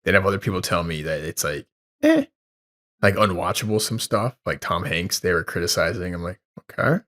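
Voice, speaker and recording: A man's voice: sits low, quick pace, a bit bright. A man co-hosting a podcast in casual chat, laid-back and swearing freely, full of "like". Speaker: podcast co-host.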